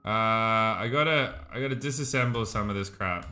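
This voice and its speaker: A man streaming a video game, giving casual, excitable commentary with frequent exclamations. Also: fairly low pitch, moderate pace. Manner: excitable, exclaims and laughs often.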